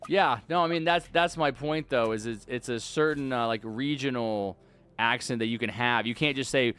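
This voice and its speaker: A man's voice: mid-range voice, normal speed, a bit bright, clear, resonant tone. A young man streaming a game at home, talking casually into a desk mic and arguing back at his chat with rambling restarts. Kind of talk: live-stream chat while gaming.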